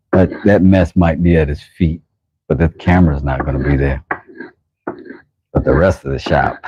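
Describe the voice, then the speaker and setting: A man's voice: rumbling low, dark tone, husky, no room sound, lo-fi sound. A man hosting a livestream from his workshop, chatting casually with viewers and reacting aloud as he works. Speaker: livestream host and knifemaker. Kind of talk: casual livestream chat while working.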